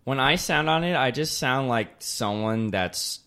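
A man co-hosts a casual podcast chat, his voice swinging up and down in a lively way. He rambles, with plenty of "like" and "you know" between his thoughts. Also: mid-range voice, unhurried, clear, resonant tone. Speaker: podcast co-host.

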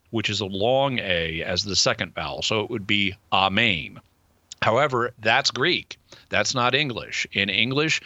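A man's voice: medium pitch, pushed and bright, no room sound, lo-fi sound. A man answering a listener's question as guest expert on a call-in radio show, explaining things step by step into a studio mic.

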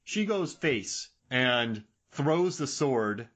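A man co-hosting a podcast in casual chat, excitable, laughing often and acting out sound effects. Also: medium pitch, extremely slow. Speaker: podcast co-host.

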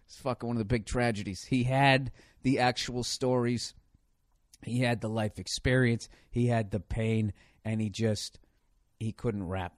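A man's voice: medium pitch, fairly even intonation, unhurried, no echo, clean studio sound. A man hosting a comedy show, ranting in a sarcastic, profane and rambling way. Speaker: comedian host.

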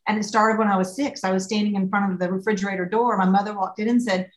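A woman's voice: medium pitch, little pitch movement, fast, hardly any pauses. Chatty Southern woman in an echoey room. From American South. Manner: chatty storyteller, laughs easily. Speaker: guest. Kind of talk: casual interview chat. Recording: roomy echo.

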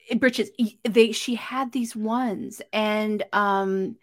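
A woman hosting a podcast, chatty and quick to laugh, who backs up her guest with frequent murmured agreement. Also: mid-range voice, fairly even intonation. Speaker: podcast host. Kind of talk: casual chat.

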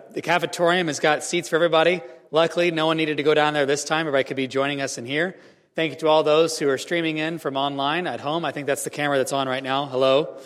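A man giving a Christmas homily as a priest, telling a story earnestly with measured pauses in a church. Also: a little high, fairly bright tone. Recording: reverberant church hall.

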